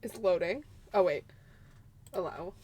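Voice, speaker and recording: A woman's voice: lowish voice, expressive, a little slow, noisy background. A woman streamer chatting casually and giggling while she fiddles with her setup. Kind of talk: casual live-stream chat.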